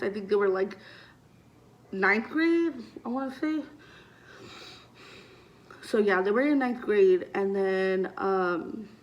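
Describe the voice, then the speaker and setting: Young woman vlogger, casual storytime delivery, chatty and loose, peppered with fillers and curses, mid-range voice. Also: medium pitch. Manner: chatty, heavy use of "like" and swearing; animated retelling, voices loud when acting out scenes.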